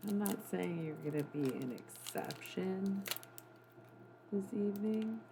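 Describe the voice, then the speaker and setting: A woman chats on a livestream from her desk at home, her talk slow and unhurried. She is playful and rambling, drifting into snatches of song between jokes. A clear background hiss sits under her voice. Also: mid-range voice. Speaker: livestream host. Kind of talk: casual livestream chat.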